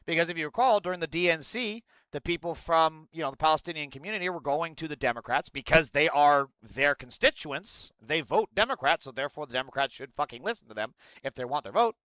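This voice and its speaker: A man's voice: a little high, expressive, fast talker, hardly any pauses, sharp tone, clear, resonant tone, no echo. A man streaming live, reacting to a clip and reading chat aloud, blunt and often profane. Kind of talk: casual live-stream commentary.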